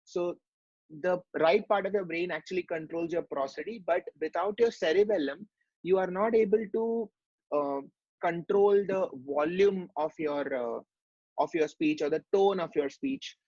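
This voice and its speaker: A man's voice: high-pitched, normal speed, darkish tone, dry recording, muffled recording. A man giving a medical lecture, explaining step by step and asking rhetorical questions.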